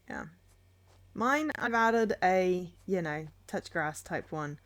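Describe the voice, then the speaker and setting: A woman's voice: lowish voice, sing-song, extremely slow, long pauses. A young woman streaming a game, chatting playfully and giggling at her finds. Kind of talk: casual game stream commentary.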